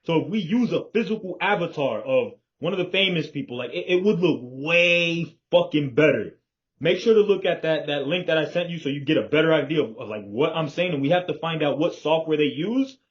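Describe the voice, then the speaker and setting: A man's voice: a little high, lively intonation, a little fast. A man in casual planning talk with a business partner, confident and emphatic and swearing freely, heard over a video call. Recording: dull lo-fi call audio.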